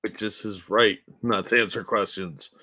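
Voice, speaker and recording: A man's voice: on the low side, fairly even intonation, moderate pace, sharp tone. A man co-hosting a podcast, chatting casually and making blunt, profane quips. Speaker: podcast co-host. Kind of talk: casual chat.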